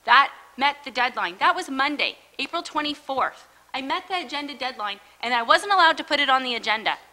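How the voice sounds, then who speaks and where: Insistent councillor woman, bright high voice. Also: expressive, brisk. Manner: firm and insistent. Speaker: town councillor. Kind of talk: council debate, raising a point of order. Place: town council chamber.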